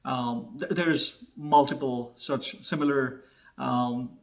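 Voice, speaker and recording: A man's voice: medium pitch, fairly even intonation, slow pace, vocal fry. A man hosting a casual investing talk, chatty, with many fillers and "okay?" asides. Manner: loud upbeat opening jingle shout. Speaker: host.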